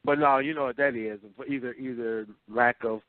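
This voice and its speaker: A man on a radio talk show, speaking slowly and in a measured way that trails off. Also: mid-range voice, fairly even intonation, dry recording, narrow, tinny audio. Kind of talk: casual frank chat.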